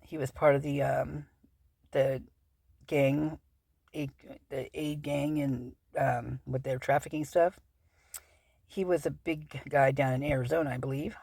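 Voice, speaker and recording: A woman's voice: a bass voice, steady tone, measured pace, creaky, warm tone, slightly rough, dry recording, studio quality. A woman hosting a true-crime channel, reading through a legal document aloud in a casual, rambling way with many fillers and self-corrections.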